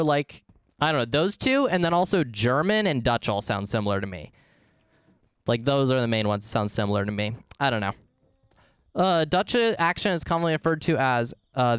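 A man's voice: on the high side, fairly bright tone, clear, resonant tone, dry recording, studio quality. A man live-streaming a game, chatting casually and goofily with his viewers as he plays. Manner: goofy, rambling, talks to chat.

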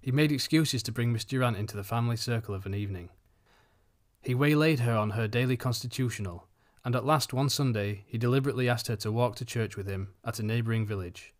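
A man's voice: mid-range voice, fast talker. Man reading an audiobook aloud. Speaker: audiobook reader. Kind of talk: storybook narration.

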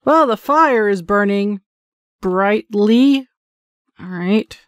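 A woman talks her way through a horror game in a chatty, self-mocking stream of commentary, mid-pitched for a woman. Her voice sits close and dry with almost no room sound around it. Sudden exclamations break into the easy chatter. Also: lively intonation, slow, clean tone, dry recording. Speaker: gaming channel host. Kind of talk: live gameplay commentary.

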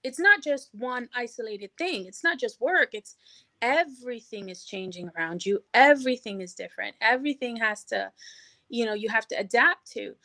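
A middle-aged woman speaking as a guest on an interview show, energetic and encouraging, with lots of "you know" fillers. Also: fairly high pitch, moderate pace, no echo. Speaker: podcast guest, hospitality professional. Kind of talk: casual interview chat.

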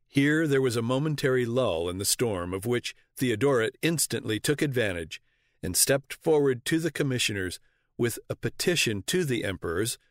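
A man narrating an audiobook in a measured, deliberate reading voice, close to the mic. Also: mid-range voice, fairly bright tone, no echo. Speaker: audiobook reader.

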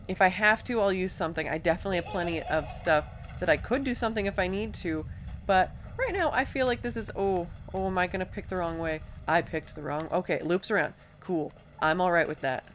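A woman casually commenting on her own gameplay, chatty and self-deprecating, thinking out loud as she plays. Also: lowish voice, a little fast, slight background noise. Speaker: let's play host.

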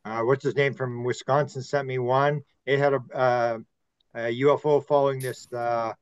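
A man's voice: mid-range voice, little pitch movement, normal speed, smooth, no echo, highs cut off. A man hosting a panel, recounting anecdotes with hesitant fillers over a video call. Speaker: host. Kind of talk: casual panel chat.

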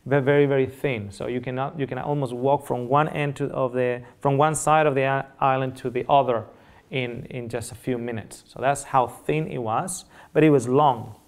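A man's voice: mid-range voice, steady tone, moderate pace. A middle-aged man whose first language is Spanish, giving a public nutrition lecture in earnest storytelling style, repeating phrases and checking in with the audience.

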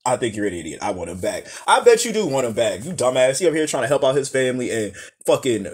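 A man giving a profane comedic rant as a reaction commentator, loud and exasperated. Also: mid-range voice, very animated, quick pace, breathy edge. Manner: loud, exasperated, heavy cursing.

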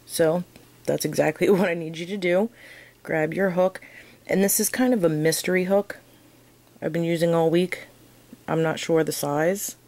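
A woman teaching a crochet tutorial in a casual, chatty way, counting her stitches softly as she works. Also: lowish voice, steady tone, normal speed, long pauses, no room sound, poor audio. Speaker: crochet instructor.

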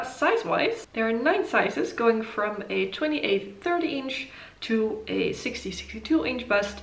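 Chatty woman in an echoey room. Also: on the high side. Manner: chatty, many ums and uhs, thinks aloud. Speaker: knitting channel host. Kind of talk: casual pattern review vlog. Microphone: camera mic.

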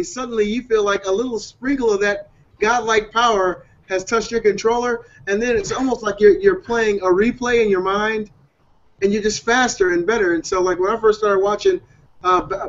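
High-voiced enthusiastic man chatting. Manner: enthusiastic, restarts often. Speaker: podcast host. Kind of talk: casual group chat. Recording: dull lo-fi audio.

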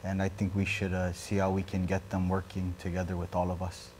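Low-voiced eager candidate man. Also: monotone, fairly quick, darkish tone, slight background noise. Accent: Guam. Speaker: senatorial candidate. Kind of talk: answering panel questions.

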